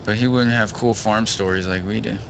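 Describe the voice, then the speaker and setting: A man's voice: fairly low pitch, fairly even intonation, fairly quick, vocal fry, slight background noise. A man from northwestern New Jersey, co-commentating a sim race in a laid-back way with dry jokes. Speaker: race co-broadcaster.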